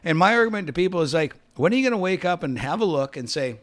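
A man's voice: a little high, lively intonation, quick pace, fairly bright tone. A man hosting a podcast, chatting casually and bluntly, swearing freely and laughing easily. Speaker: podcast host. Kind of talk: casual chat.

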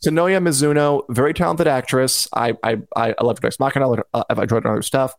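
A man's voice: mid-range voice, steady tone, fast talker, vocal fry, dry recording, clean studio sound. A man co-hosting a show in casual chat, wry and playful, often restarting his words. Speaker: podcast co-host.

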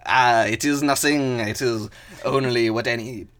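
A man's voice: mid-range voice, fairly even intonation, unhurried, fairly bright tone, close to an everyday voice. A man voicing a modest, gallant male toad hero who speaks with humble formality.

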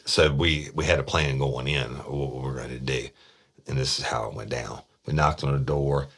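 A former detective telling a story in a casual, blunt way, acting out the dialogue. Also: male voice, a bass voice, normal speed, slightly rough. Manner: lively retelling that acts out the dialogue.

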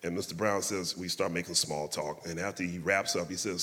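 A man's voice: sits low, steady tone, fairly quick, bright, forceful tone, long reverb tail. A man telling a humorous, self-deprecating story live on a theatre stage.

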